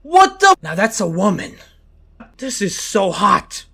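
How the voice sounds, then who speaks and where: A man's voice: high-pitched, wildly swooping pitch, takes it slowly, creaky, pushed and bright, breathy edge. A man reacting to a song with laid-back, joking comments.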